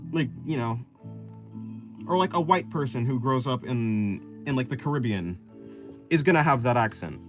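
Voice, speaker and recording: A young man with an American accent talks loosely while he draws. His pitch rises and falls a lot as he wanders through long explanations full of fillers and restarts. Plucked guitar music plays clearly behind him. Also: expressive, moderate pace, long pauses. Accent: General American. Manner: rambling, many "like" fillers and restarts, explaining at length. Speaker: art streamer. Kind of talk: casual chat while drawing.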